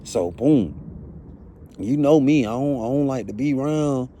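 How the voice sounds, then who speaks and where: A man's voice: medium pitch, a little slow, warm tone, a little hiss or hum. A man telling a first-hand story in blunt, profane, casual talk, often asking "you know what I'm saying". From Atlanta.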